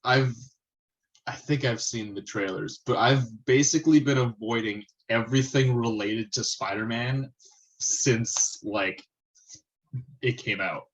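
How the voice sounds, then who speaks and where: A man's voice: medium pitch, measured pace. Male co-host on a lo-fi video call, easygoing and chatty. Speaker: podcast co-host. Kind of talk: casual chat. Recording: dull video call audio.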